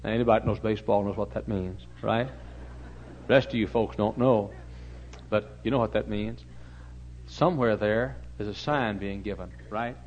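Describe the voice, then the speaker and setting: A low-voiced man preaching in a church, telling a story with lots of animation. His delivery jumps to loud bursts whenever he acts out a shout. The recording is dull and lo-fi. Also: normal speed, slight background noise. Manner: animated storytelling, suddenly loud when acting out shouted commands. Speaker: pastor. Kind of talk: storytelling sermon.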